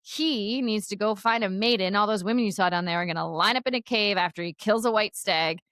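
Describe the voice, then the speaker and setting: A podcast co-host in casual conversation, rushing animatedly through a book's plot with frequent laughter and filler words. Her pitch sits in the middle range. The sound is dry and close-miked, with no room echo. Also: fairly bright tone. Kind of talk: casual book recap chat.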